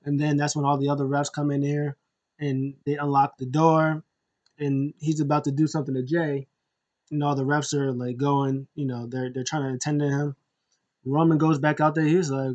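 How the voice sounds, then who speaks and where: Excited man recapping wrestling. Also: a little high, normal speed, dull audio. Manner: excited, rambling play-by-play retelling. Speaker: wrestling review host.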